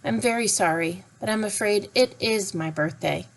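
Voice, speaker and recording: A woman's voice: mid-range voice, normal speed, creaky, natural voice, low-quality recording. A woman voicing a cheerful, round, bald old uncle who talks in a jolly, apologetic way in a storybook reading.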